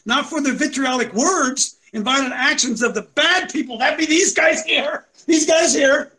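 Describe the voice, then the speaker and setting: A man's voice: very high-pitched, rough recording. A man hosting a show, giving combative, mocking commentary. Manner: preachy, mocking, rising to shouts. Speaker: show host.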